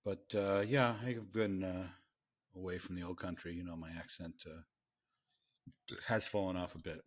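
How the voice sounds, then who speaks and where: Deep-voiced laid-back man tasting beer. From Massachusetts, US. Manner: relaxed, meandering, many filler pauses. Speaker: podcast co-host. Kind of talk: casual chat over beer tasting.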